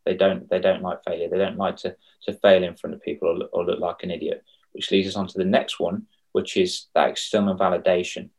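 Lively man telling stories. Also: low voice, brisk. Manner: animated storyteller, acts out quoted voices. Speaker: confidence coach for kids. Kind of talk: casual podcast chat.

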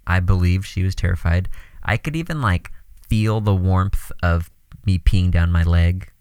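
A podcast co-host in casual chat, talking in a relaxed, wry way. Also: low-pitched, unhurried, smooth, no echo.

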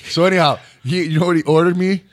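A man's voice: on the high side, steady tone, quick pace, slight background noise. A man co-hosting a podcast in casual chat, telling rambling stories with frequent laughs and swearing. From Michigan, US. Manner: rambling, laughing, profane storytelling. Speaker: podcast co-host.

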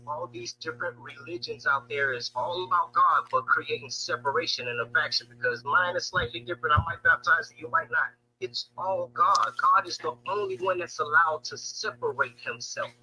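A man who is a guest on a faith podcast, speaking fervently and building in excitement as he talks. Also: on the high side, normal speed, few pauses, slight background noise, low-quality recording. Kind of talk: faith discussion.

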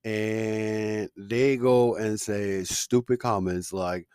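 A man with a fairly low voice gives a heated, opinionated rant as a podcast host, full of ums, uhs and restarts. The sound is dry and close, with no room echo. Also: fairly even intonation, very slow, darkish tone, smooth. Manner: heated, opinionated ranting with frequent fillers. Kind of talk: casual podcast commentary.

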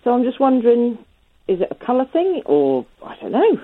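A woman's voice: a little high, wildly swooping pitch, moderate pace. A woman calling a radio show with a plain-spoken, curious question. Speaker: caller. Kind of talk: phone-in call. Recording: tinny phone line.

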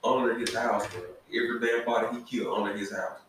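A man co-hosting a podcast in casual chat, talking in an excitable, profane, emphatic way. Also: lowish voice, fast talker, a little hiss or hum. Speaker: podcast co-host. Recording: echoey room, distant mic.

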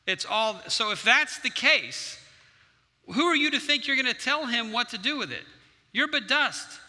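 A man's voice: very high-pitched, lively intonation, normal speed, pushed and bright. A man preaching a sermon as pastor, earnest and conversational, acting out his own prayers. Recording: long hall reverb.

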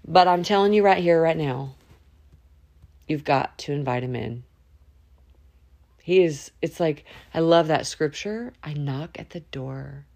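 Female podcast host, lowish voice, casual heartfelt spoken prayer with lifts and drawn-out words. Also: a little mellow. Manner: heartfelt, informal, with sudden rises and slow drawn-out words. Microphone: audio only, no camera.

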